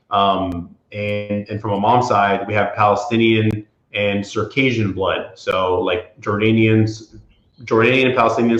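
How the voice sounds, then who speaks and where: A property insurance attorney from the Florida Panhandle, USA, speaks as a guest in a casual interview, with many fillers and restarts. His voice is lowish with a fairly bright tone, and the sound is roomy, dull and lo-fi.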